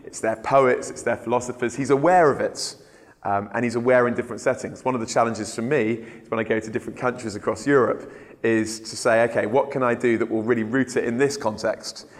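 A man giving a relaxed, conversational training talk as an evangelism trainer, with frequent ums and uhs. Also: medium pitch. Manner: relaxed, unhurried, filler-laden. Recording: long hall reverb.

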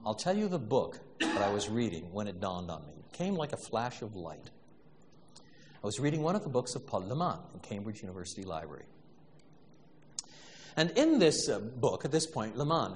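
A man giving an animated storytelling lecture, full of restarts and stammers, building to laughing emphasis. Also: lowish voice, big-room sound, slight background noise.

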